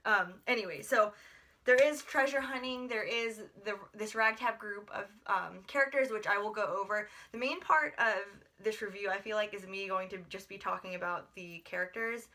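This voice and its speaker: A young woman from the United States chats through a casual book review vlog, gushing and rambling with lots of filler words. Her voice is medium-pitched with a sharp tone.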